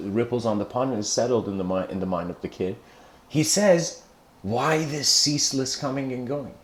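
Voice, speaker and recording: A man giving an informal philosophical talk, rambling and correcting himself with many "you know" fillers. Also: medium pitch. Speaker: lecturer. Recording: echoey room.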